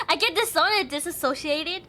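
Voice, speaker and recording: A woman's voice: very high-pitched, sharp tone, a little hiss or hum. A young woman streaming a game, thinking aloud in casual chat, giggly and chatty. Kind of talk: casual live game commentary.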